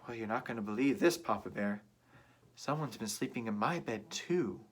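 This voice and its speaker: A man's voice: medium pitch, animated, moderate pace, lightly acted. Male reader as a fretful, chatty mother bear from a storybook, in an ordinary voice. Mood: disbelieving.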